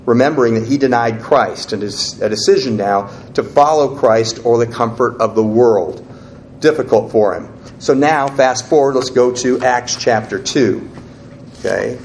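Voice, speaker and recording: A man's voice: medium pitch, darkish tone, slight background noise. A man preaching a sermon, teaching in a conversational way and guiding listeners through the verses as he reads them aloud. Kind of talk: sermon with scripture reading.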